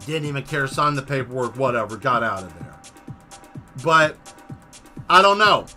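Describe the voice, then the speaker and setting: A man hosting a casual stream, telling a long exasperated story with plenty of swearing and animated asides. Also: mid-range voice, normal speed, soft background music. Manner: exasperated, profane, animated retelling. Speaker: host.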